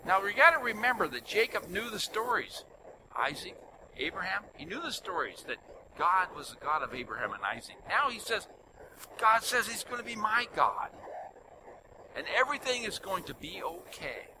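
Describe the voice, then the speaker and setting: Older man, preacher, sermon, lively pitch, loud emphasis and soft asides, vehicle hum behind. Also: normal speed. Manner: animated storytelling, swings between loud emphasis and soft asides.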